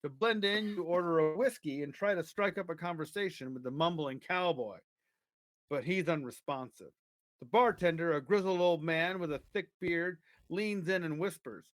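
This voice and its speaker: A man's voice: on the high side, moderate pace, no room sound. Man reading a choose-your-own-adventure aloud. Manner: casual banter, reads the story aloud at an even pace. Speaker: podcast co-host reading the story. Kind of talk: live podcast chat and story reading.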